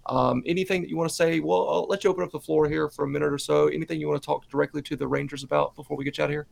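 A man hosts a casual fan podcast. His voice is strongly gravelly with a lot of vocal fry. It sits a little higher than most men's. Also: steady tone, racing. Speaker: podcast host. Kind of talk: casual chat.

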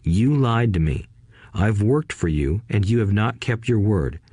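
A man's voice: fairly low pitch, expressive, measured pace, mellow, husky, no room sound, studio quality. A man voicing an indignant young boy who accuses his boss in a pouting, whiny way, in an audiobook reading. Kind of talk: audiobook character voice.

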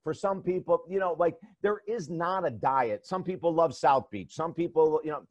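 A man's voice: fairly high pitch, moderate pace, no room sound. A man working as a life coach, telling stories in an interview with energy and emphasis and repeating words as he starts sentences. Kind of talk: interview storytelling.

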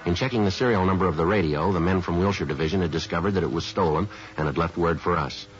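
A clipped, no-nonsense police detective, played by a man, reports his case in a very deep voice at a brisk clip. Music plays clearly behind him on a dull, lo-fi old radio recording. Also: natural voice. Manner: clipped, matter-of-fact delivery. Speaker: narrator and lead detective. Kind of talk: 1950s radio crime drama.

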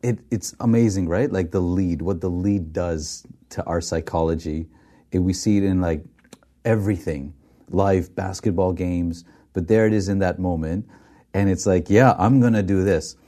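A man interviewing a guest in a relaxed conversation, engaged, reacting often and asking reflective questions. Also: low-pitched, moderate pace.

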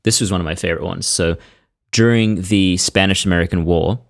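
A man with a low voice co-hosts a casual podcast chat. He tells stories and reads quotes aloud, often breaking into laughter. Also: fairly quick, creaky. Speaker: podcast co-host.

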